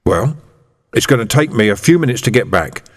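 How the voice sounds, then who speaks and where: Vimes, a man playing a dry, gruff police sergeant. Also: medium pitch, animated, brisk, natural voice. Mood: whispered. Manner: dry, mock-official copper talk. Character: gruff streetwise middle-aged male police sergeant. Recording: reverberant room.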